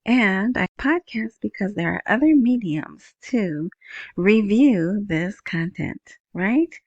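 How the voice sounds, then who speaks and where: A woman with a soft, small voice hosting a casual solo podcast, chatting in a rambling way into a wired earbud mic. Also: medium pitch, expressive, slow, dry recording, muffled recording. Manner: rambling, chatty, self-interrupting. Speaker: podcast host.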